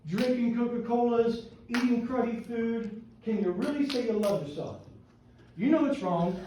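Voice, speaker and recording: A man's voice: sits high, slight background noise, poor audio. A middle-aged man giving a casual, conversational talk to a men's church group, often asking "right?" and restarting his sentences. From Pennsylvania. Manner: informal, frequent "right?" and "um", self-restarts. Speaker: guest speaker at a men's church gathering. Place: church meeting room.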